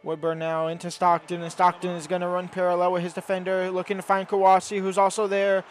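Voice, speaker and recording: A young man giving excitable play-by-play commentary over his own football video game, rising to shouts at goals. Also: sits high, quick pace, faint music behind. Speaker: gaming YouTuber.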